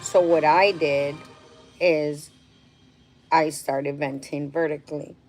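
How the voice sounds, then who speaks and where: A woman's voice: low-pitched, fairly even intonation, slow pace, a little mellow, soft background music, low-quality recording. A middle-aged woman talking candidly and emotionally to her viewers, answering their questions in a rambling way. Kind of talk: casual heartfelt talk to viewers.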